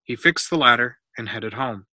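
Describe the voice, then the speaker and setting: A man reading a storybook aloud to a child, pausing patiently to explain the math. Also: mid-range voice, bright, forceful tone, no echo.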